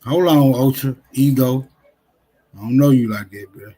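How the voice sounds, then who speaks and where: A man's voice: medium pitch, moderate pace, warm tone, husky. A man hosting a casual livestream, greeting viewers and teasing callers with loose, profane banter. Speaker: livestream host.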